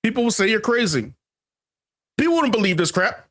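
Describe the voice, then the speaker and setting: A man's voice: sits high, sing-song, rapid-fire, fairly bright tone. A man hosting a casual commentary monologue, emphatic and repetitive, calling his viewers family and laughing often. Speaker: channel host.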